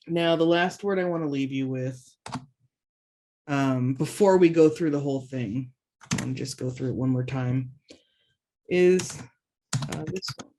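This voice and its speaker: A woman teaching an online language lesson, saying each word slowly and twice, and chatting casually between the drills. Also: extremely low pitch, dark tone, slight background noise. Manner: slow, careful pronunciation drills with repeated words.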